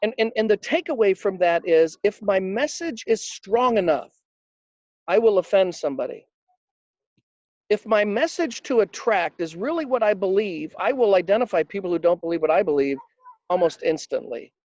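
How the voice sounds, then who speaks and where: A man's voice: high-pitched, lively intonation, normal speed, darkish tone, dry recording, muffled recording. A man being interviewed about his work coaching financial advisors, telling anecdotes with emphasis and acting out the quotes. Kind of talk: conversational interview storytelling.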